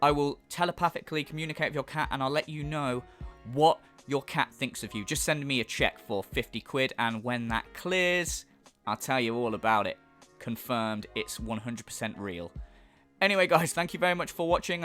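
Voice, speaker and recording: A man's voice: mid-range voice, expressive, moderate pace, a bit bright, faint music behind. A British man giving a sweary, mocking reaction commentary on a video. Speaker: YouTube commentator.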